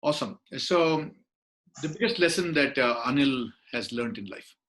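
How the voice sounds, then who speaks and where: Man, interview host, enthusiastic and affirming, medium-pitched voice. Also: animated, moderate pace, a bit bright. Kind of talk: interview hosting.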